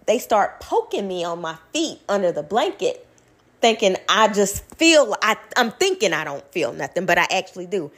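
A young woman, telling a personal story to her viewers in a blunt, animated way, swearing freely. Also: medium pitch, normal speed.

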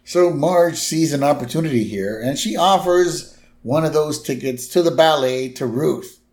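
A man's voice: on the high side, normal speed, a little mellow. Wry man adding dry asides. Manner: wry asides, adds commentary to the plot. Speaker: podcast co-host. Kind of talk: casual chat recapping a cartoon episode.

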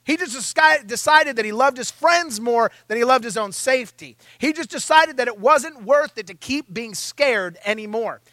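A man preaching a sermon in a church, telling stories in an animated, self-mocking way. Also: very high-pitched, normal speed, hardly any pauses, no room sound. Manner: animated, self-mocking storytelling, acting out his own panic.

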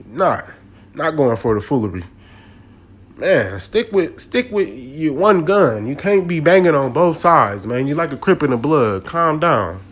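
A man's voice: fairly high pitch, very animated, measured pace, fairly bright tone, breathy edge. A man, ranting casually and animatedly about a sports game in slangy talk. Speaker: sports commentator.

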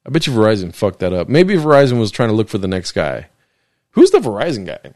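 A young man hosts his solo podcast from a desk in his living room, rambling from joke to joke with plenty of swearing. His pitch swings widely as he slips in and out of mock voices. The sound is close and dry. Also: huge pitch swings, quick pace, a little mellow, no echo. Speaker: podcast host. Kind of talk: casual solo podcast chat.

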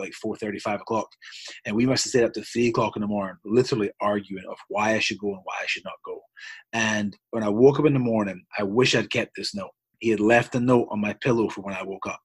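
A man's voice: on the low side, slightly rough, no room sound. A man, a basketball coach, telling a long personal story in an interview, earnest and rambling with frequent restarts. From Scotland.

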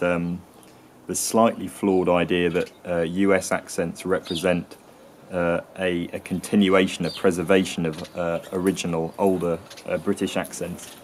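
A man's voice: sits low, flat delivery, moderate pace, a little hiss or hum. A man hosting an educational talk about accents, hesitant and full of ums and restarts. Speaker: host explaining accents.

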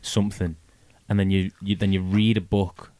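A man's voice: low voice, little pitch movement, normal speed, mellow, dry recording. A man chatting on a podcast, rambling and searching for words as he explains. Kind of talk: casual chat.

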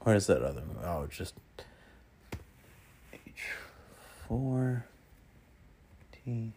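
Male vlogger, low and gravelly, loose rambling delivery with frequent swearing. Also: big pitch swings, extremely slow, mellow, slight background noise. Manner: rambling, swears often, mutters to himself. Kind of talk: casual solo chat while browsing.

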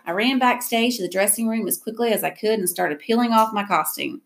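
Audiobook narrator, woman, reflective first-person reading, gravelly tone. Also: medium pitch, brisk, few pauses.

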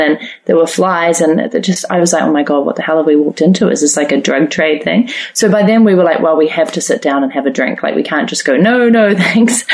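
A woman from New Zealand, a podcast guest telling a travel story, animated and laughing often. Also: fairly low pitch. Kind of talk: storytelling in an interview.

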